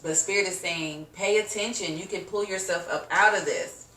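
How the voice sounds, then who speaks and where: A woman's voice: on the low side, normal speed, bright, forceful tone, reverberant, recorded from a distance. A woman giving a casual tarot reading to her viewers, chatty and slangy, laughing often and acting out reactions. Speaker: tarot reader.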